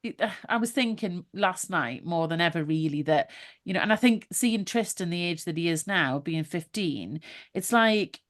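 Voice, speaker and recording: A woman's voice: lowish voice, normal speed. Chatty woman podcast host. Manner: chatty, laughing, animated storytelling. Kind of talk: casual chat.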